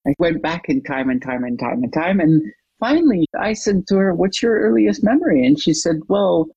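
A coach and trainer, a guest in an interview, who tells a client story with lively retelling and acts out the quoted dialogue. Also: medium pitch, moderate pace, slightly rough, dry recording, muffled recording.

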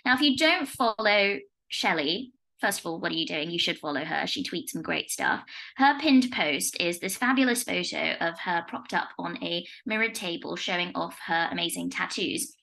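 A young adult woman co-hosting a legal podcast, chatting casually with quick asides. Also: on the low side, lively intonation, creaky, sharp tone, rough recording. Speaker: podcast co-host, barrister. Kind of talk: casual chat.

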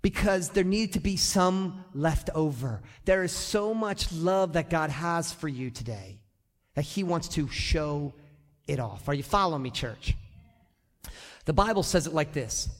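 A male pastor preaching an animated sermon to his congregation, often acting out the people in his stories. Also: on the high side, unhurried. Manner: animated, acts out quoted voices, addresses the congregation directly. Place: church sanctuary. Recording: long church reverb.

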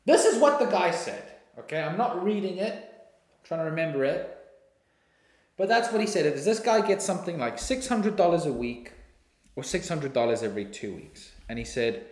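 Animated ranting South African man. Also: on the high side, moderate pace, reverberant. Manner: animated, indignant, swears freely, bursts into shouting. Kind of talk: casual ranting monologue.

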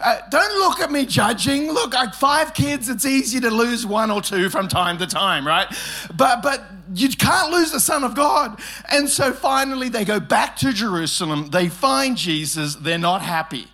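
A male pastor with a high, light voice delivers a sermon in a church. He jokes his way through the teaching, slipping into quick bits of dialogue as he tells family stories, then settles back into earnest preaching. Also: lively intonation, pushed and bright. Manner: humorous storytelling, acts out family dialogue.

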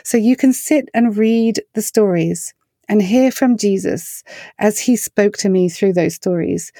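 A middle-aged woman with an English accent, a worship singer answering interview questions with earnest, storytelling warmth. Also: mid-range voice, measured pace, no echo, studio quality. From England. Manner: earnest, storytelling, animated when quoting others.

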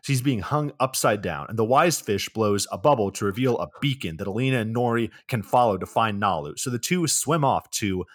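A man co-hosting a podcast, recapping a movie in a deadpan, sarcastic way and swearing often. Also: on the low side, a little fast, few pauses, no echo, studio quality. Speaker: podcast co-host.

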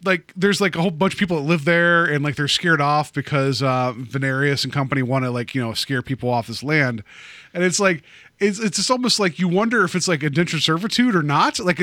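A man hosting a relaxed movie podcast, talking in a loose, rambling way full of filler words. His voice sits a little high and bright, recorded dry and close. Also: dry recording. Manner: rambling, chatty, lots of "like" and "um". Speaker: podcast host. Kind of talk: casual movie podcast chat.

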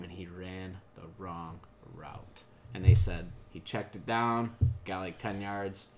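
A man's voice: deep voice, unhurried, slight background noise. A man hosting a podcast in casual banter, joking and teasing his friends. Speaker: podcast host.

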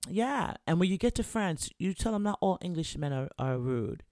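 A man voicing a proper, kindly older English gentleman in his fifties who helps travelers. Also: high-pitched, sing-song, normal speed, dry recording, clean studio sound, pitched above the performer's own voice. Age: 50s.

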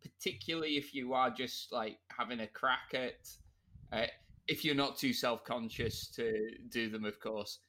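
A man's voice: mid-range voice, a little slow, sharp tone. A man co-hosting a podcast, explaining eagerly in a casual chat with restarts. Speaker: podcast co-host.

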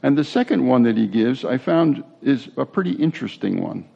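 Gravelly man preaching a casual sermon. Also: mid-range voice, very animated, fairly quick, dark tone, muffled recording. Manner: conversational preaching with asides and restarts. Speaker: pastor.

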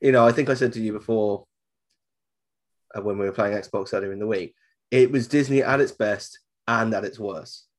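A man's voice: fairly low pitch, normal speed. A man from southern England, co-hosting a casual podcast chat, jokey and prone to restarting his sentences. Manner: chatty, jokey, repeats himself when restarting. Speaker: podcast co-host.

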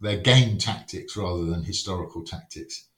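Lowish male podcast guest, wry storyteller who acts out quotes, echoey room. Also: normal speed, a bit bright. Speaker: wargames rules writer, podcast guest. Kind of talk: casual podcast conversation. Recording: roomy echo.

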